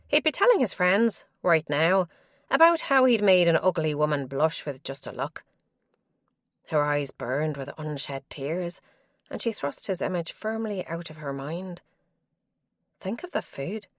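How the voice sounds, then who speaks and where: Woman reading a mystery audiobook, low voice, dry close sound, steady pace. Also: no echo. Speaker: audiobook narrator. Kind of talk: audiobook narration.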